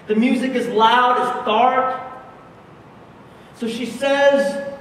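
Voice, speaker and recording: A male pastor preaching a sermon at a conference, telling a story slowly and with passion, swinging between loud and hushed. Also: very high-pitched, steady tone, slight background noise. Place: large conference hall. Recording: echoey hall from far off.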